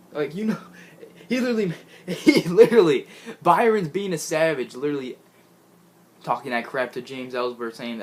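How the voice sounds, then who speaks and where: A man giving an excitable, gushing casual recap of a show he watched, laughing often and restarting his sentences. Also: fairly high pitch, normal speed, long pauses. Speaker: wrestling fan recapping a show.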